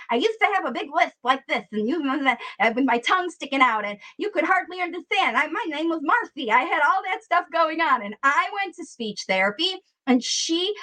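A woman's voice: high voice, low-quality recording. A woman speech therapist giving an earnest, encouraging coaching talk to parents, speaking straight to her viewers. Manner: earnest and encouraging, often addresses viewers as ladies and gentlemen. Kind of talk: direct-to-camera coaching talk.

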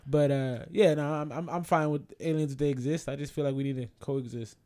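A man's voice: on the high side, fairly even intonation, a little fast, dark tone. A man co-hosting a podcast, joking and laid-back, speaking in casual slang. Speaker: podcast co-host. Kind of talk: casual chat.

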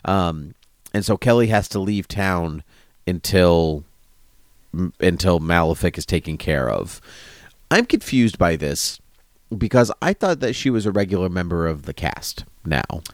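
A man co-hosting a casual TV recap podcast, jokey and animated, slipping into silly bits. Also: low-pitched, measured pace, no room sound, studio quality. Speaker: podcast co-host.

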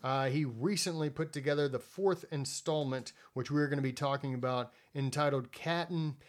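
A man's voice: mid-range voice, fairly even intonation, normal speed. A man hosting a casual podcast, joking around and sometimes tripping over his own introductions. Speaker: podcast host.

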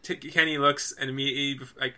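A man co-hosting a casual podcast, his voice very bright and cutting. He gushes and gets carried away, stringing thoughts together with "like" and dropping curses freely. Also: mid-range voice, quick pace. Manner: excitable, gushing, heavy use of "like", swears freely. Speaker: podcast co-host.

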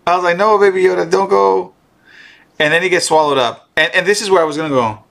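A man chatting casually and excitedly about a show episode, swearing and restarting often. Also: mid-range voice. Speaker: streamer co-host. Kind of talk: casual show recap chat.

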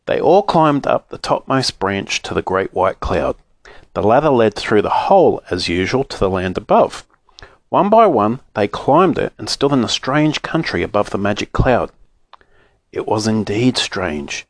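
A man reading a children's storybook aloud in an expressive, animated way. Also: fairly low pitch, a little slow, dry recording, clean studio sound.

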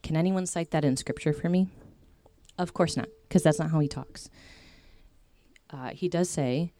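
A woman's voice: sits low, moderate pace, dark tone, a little hiss or hum. A young woman giving a casual faith talk to a group, chatty and full of fillers and tangents.

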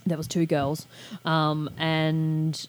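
Low-voiced woman chatting casually. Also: completely flat delivery, slow. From Australia. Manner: chatty, swears freely. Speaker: podcast co-host. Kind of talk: casual chat.

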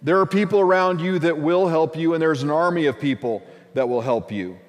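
A man's voice: a little high, a little fast, big-room sound. A man preaching a sermon as lead pastor, building up with repeated phrases for emphasis.

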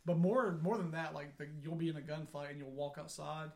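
A man co-hosting a casual podcast, talking excitedly and opinionatedly as he jumps in over the others. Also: on the high side, fairly quick, gravelly. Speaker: podcast co-host. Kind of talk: casual chat about video games.

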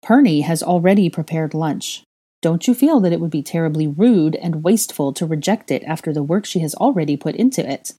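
A woman's voice: deep voice, lively intonation, brisk, dark tone, slightly rough. Clipped, firm young man, proud wizard of the storybook, voiced by a woman narrator.

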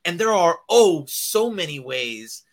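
A man co-hosting a podcast in casual chat, animated, laughing often and leaning on "like" fillers. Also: on the high side, takes it slowly. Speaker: podcast co-host.

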